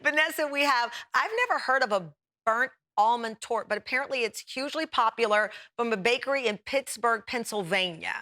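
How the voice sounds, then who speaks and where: A woman's voice: fairly high pitch, brisk, hardly any pauses, bright, forceful tone. A woman hosting a daytime talk show, chatty and enthusiastic as she tastes and praises food. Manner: chatty and enthusiastic, laughs while tasting food. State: talking with mouth full at times.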